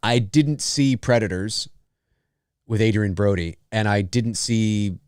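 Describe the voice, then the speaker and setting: A man's voice: on the low side, slow pace, a little mellow, clear, resonant tone, no echo, clean studio sound. A man hosting a live movie commentary, talking casually in a rambling, chatty way, laughing often and swearing freely.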